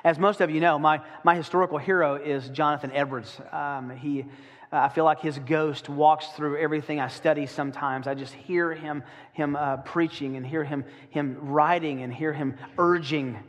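A man preaching a sermon to his congregation, with dramatic slowdowns when he reads aloud. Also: a little high, fairly even intonation, long reverb tail. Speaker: pastor.

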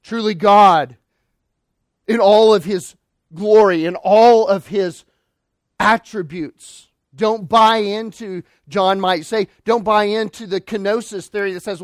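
A man with a high voice delivers an emphatic sermon from the pulpit. He swings between ringing declarations and hushed, slower asides. The recording is dry and close. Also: no room sound. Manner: emphatic preaching, swinging between loud declarations and quiet lines. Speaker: pastor.

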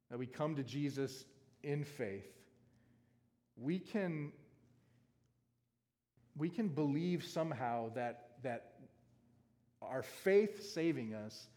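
A man's voice: mid-range voice, dark tone. Man preaching in a reverberant hall. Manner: conversational, asks the audience questions, often adds "right?". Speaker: pastor. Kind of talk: sermon with scripture reading. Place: large hall with a stage.

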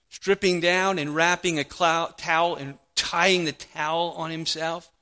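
Male pastor, sermon delivery, bright slightly high tone, earnest and emphatic. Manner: earnest preaching with rising emphasis and dropped-voice quotes.

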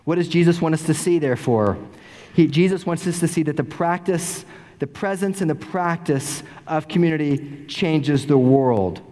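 A middle-aged male pastor preaching an animated sermon, full of repeated rhetorical questions. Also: on the high side, moderate pace. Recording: long reverb in a large sanctuary.

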